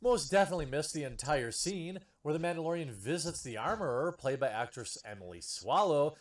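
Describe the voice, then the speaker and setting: A man's voice: on the high side, expressive, fairly quick. A man in a played video, giving scripted news-style commentary with a sarcastic edge. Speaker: YouTube commentator.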